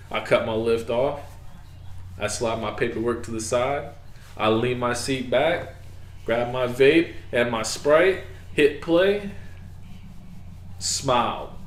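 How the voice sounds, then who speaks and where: Male podcast co-host, mid-pitched, lively storyteller, roomy echo. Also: a little slow. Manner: animated storytelling, acting out his own reactions. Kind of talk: casual podcast chat. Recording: echoey room.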